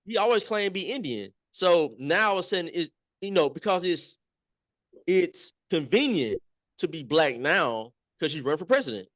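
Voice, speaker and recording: A man's voice: fairly high pitch, sing-song, moderate pace, a bit bright, no room sound, clean studio sound. Man as guest, talking emphatically. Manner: emphatic, repeats points, conversational fillers. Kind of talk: casual political chat.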